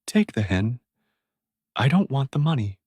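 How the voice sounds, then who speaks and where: A man reading a storybook and voicing an angry market woman who shouts that a boy is a thief. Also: mid-range voice, big pitch swings, a little slow, husky, no echo, studio quality, voice pushed up. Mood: shrill, accusing.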